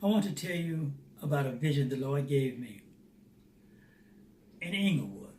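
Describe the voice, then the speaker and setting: A man telling a personal faith testimony as a lively storyteller who acts out the dialogue. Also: medium pitch, normal speed. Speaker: Christian theater founder. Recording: roomy, distant mic, faint noise.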